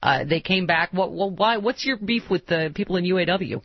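A woman hosting a political talk radio show, joking and quick with asides. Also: lowish voice, expressive, no room sound. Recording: dull lo-fi radio broadcast.

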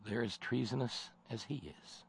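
A man's voice: medium pitch, moderate pace, a little hiss or hum. A man hosting a political commentary show, sardonic and rambling in his delivery. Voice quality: gravelly. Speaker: host.

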